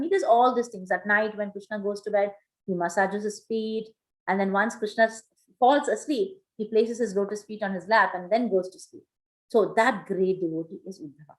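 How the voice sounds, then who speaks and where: A woman teaching a scripture class, retelling a story in an animated way with many fillers. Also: mid-range voice, poor audio.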